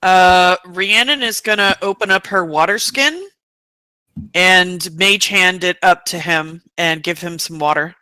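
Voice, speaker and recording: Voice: medium pitch, measured pace, pushed and bright, clear, resonant tone, dry recording. A tabletop game player speaking casually and playfully.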